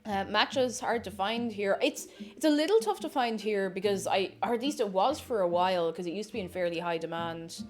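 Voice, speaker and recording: A woman's voice: medium pitch, fairly quick, a little mellow. A young woman chatting casually on a live stream, reading chat aloud and talking with her mouth full. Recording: faint music behind.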